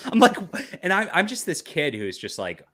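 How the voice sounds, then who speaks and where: A man hosting a podcast, telling a casual story in an animated way and laughing often. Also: fairly high pitch, moderate pace, heavy background noise. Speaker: podcast host.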